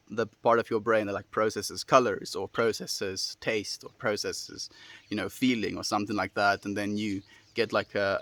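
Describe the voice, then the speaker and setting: A man hosting a daily livestream, reading chat comments aloud and answering them in a relaxed, friendly way with lots of fillers. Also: fairly low pitch, dry recording. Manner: relaxed and friendly, many fillers, laughs often. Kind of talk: casual chat.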